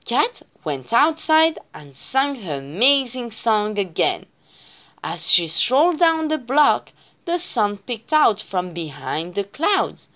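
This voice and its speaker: A woman's voice: a little high, sing-song, slow, a bit bright. A woman reading a children's picture book aloud in a sing-song storytelling way. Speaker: reader.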